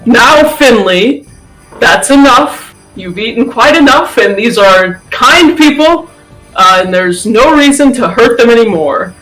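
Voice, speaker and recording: A man voicing a gentle, anxious middle-aged male researcher who is also a father, speaking in an earnest, softly pleading way. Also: extremely high pitch, animated, unhurried, soft background music, voice pushed up, heavily acted, low-quality recording. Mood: soothing.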